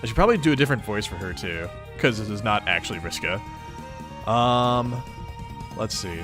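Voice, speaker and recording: A man's voice: fairly low pitch, expressive, moderate pace, music in the background. A man reading a webcomic aloud in a casual read-along, chatting and reacting to it and laughing often. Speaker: webcomic reader.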